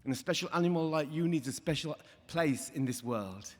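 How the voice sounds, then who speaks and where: A man voicing a calm, gentle old wandering holy man. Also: a little high, normal speed. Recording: reverberant hall.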